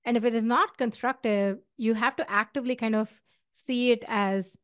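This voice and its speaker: A woman's voice: on the high side, fairly even intonation, normal speed, clean tone, no echo, studio quality. A middle-aged woman with an Indian accent gives career advice in an earnest, conversational way, with fillers and restarts. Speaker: podcast host. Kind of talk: solo advice talk.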